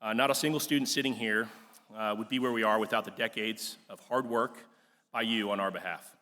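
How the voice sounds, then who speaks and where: A man's voice: lowish voice, steady tone, fairly quick, bright, forceful tone. A young man, class president, giving an earnest, emotional ceremony speech with frequent fillers in a large auditorium. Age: young adult. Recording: long hall reverb.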